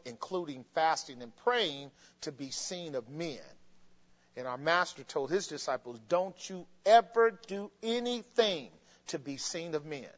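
A man preaching a sermon in an animated way, laughing and mimicking voices as he goes. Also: a little high. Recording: muffled long reverb in a hall.

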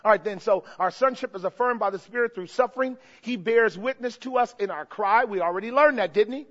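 A pastor preaching a sermon, calling out to the congregation and swinging between shouted peaks and hushed passages. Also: male voice, sits high, brisk, lo-fi sound.

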